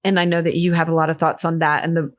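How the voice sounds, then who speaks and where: A woman hosts a podcast in a fairly low voice. She talks thoughtfully and with gentle empathy, keeping a relaxed conversational tone. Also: quick pace. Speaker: podcast host. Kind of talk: reflective casual conversation.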